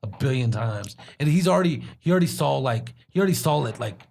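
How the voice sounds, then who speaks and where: A man's voice: on the high side, expressive, fast, vocal fry, a little mellow, a little hiss or hum. A young man from Washington, D.C., hosting a podcast, telling rambling stories in casual chat with many restarts. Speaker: podcast host.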